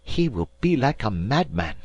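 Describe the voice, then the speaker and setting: A man voicing an excitable, anxious young French manservant in a raised, fretful voice in an audiobook. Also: medium pitch, normal speed, breathy edge, no echo, dull audio, voice pushed up. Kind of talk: audiobook character voice.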